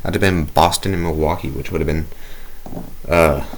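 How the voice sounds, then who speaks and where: A man's voice: very deep voice, fairly even intonation, moderate pace, gravelly, a little hiss or hum. A man giving casual, rambling, jokey commentary while playing a video game. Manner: rambling, jokey, self-mocking. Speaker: gaming video creator.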